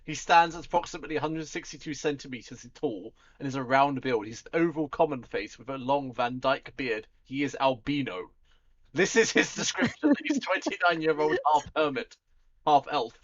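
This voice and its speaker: A posh British man at an ordinary pitch reads out a character's traits for a tabletop game, dry and joking. His voice is muffled by lo-fi audio. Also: normal speed. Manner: jokey, reads character details aloud. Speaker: player. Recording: dull lo-fi sound.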